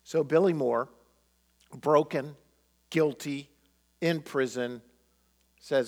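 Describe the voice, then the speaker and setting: A man preaching from the pulpit, his voice sitting a little higher than most. He tells the story in a sermon style and gives each quoted line its own feeling. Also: slow pace, long pauses. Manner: animated storyteller acting out quotes. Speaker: pastor.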